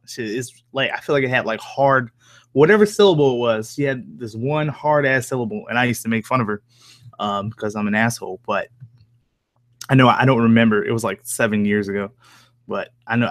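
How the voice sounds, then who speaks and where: A man's voice: medium pitch, fairly quick, no echo, studio quality. A young man from Oklahoma chatting casually on a live stream, answering viewers with lots of fillers, cursing and jokes. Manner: rambling, profane, joking, lots of fillers. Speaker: streamer reading chat.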